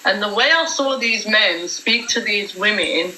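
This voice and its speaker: Forceful woman hosting a live debate. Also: medium pitch, lively intonation, unhurried, roomy sound, slight background noise, low-quality recording. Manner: forceful, emphatic, swears. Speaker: livestream host. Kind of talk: heated live-stream debate.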